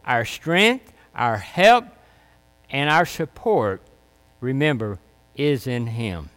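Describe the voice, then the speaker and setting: Slow-preaching man in a reverberant hall. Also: fairly high pitch, fairly bright tone, clear, resonant tone. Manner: slow, emphatic preaching with repeated phrases. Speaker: pastor. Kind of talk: sermon with closing prayer.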